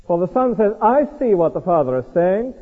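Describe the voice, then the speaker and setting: A man delivers a sermon with lively, swooping pitch, throwing rhetorical questions at his listeners. His voice is a little husky and rings with the long reverb of a big hall. The sound is thin and tinny, like an old phone line. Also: fairly quick. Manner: animated, asks the audience rhetorical questions. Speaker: preacher. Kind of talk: expository sermon. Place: large hall before a congregation.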